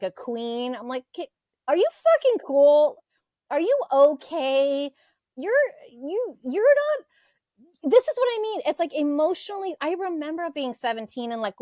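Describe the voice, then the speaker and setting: A high-pitched woman in her forties holds forth in a casual podcast chat, blunt and full of profanity. Her voice sits close and dry in the recording, with no room around it. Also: dry recording. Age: 40s. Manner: blunt, profane, animated rants. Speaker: co-host.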